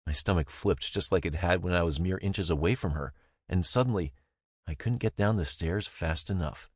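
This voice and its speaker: Young guy narrating an audiobook, low voice, dead dry booth, kinda wry. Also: normal speed, breathy edge, dry recording. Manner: wry, easygoing storytelling. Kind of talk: first-person audiobook narration.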